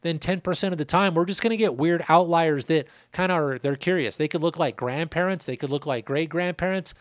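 Brief: casual male host, slightly higher pitch, dry close sound, easygoing and profane. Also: fairly quick, dry recording. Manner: laid-back, swears casually, repeats numbers. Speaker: seed breeder and channel host. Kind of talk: casual answering of a viewer question.

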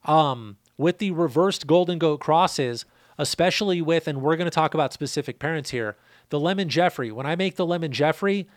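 Brief: casual male host, slightly higher pitch, dry close sound, easygoing and profane. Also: no room sound. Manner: laid-back, swears casually, repeats numbers. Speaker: seed breeder and channel host. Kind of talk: casual answering of a viewer question.

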